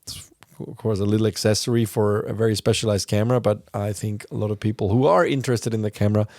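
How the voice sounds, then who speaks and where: A man's voice: on the low side, steady tone, fast, darkish tone, no echo, clean studio sound. A man hosting a podcast, explaining news in a casual, rambling way with plenty of fillers. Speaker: podcast host.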